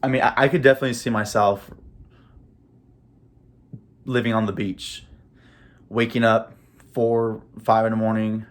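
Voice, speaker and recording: A young man with a somewhat low voice talks off the cuff about his big dreams. He rambles and trips over his words, laughing as emotion catches in his throat. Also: level tone, measured pace, pauses often. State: emotional, choked up. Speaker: vlogger. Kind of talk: casual motivational monologue.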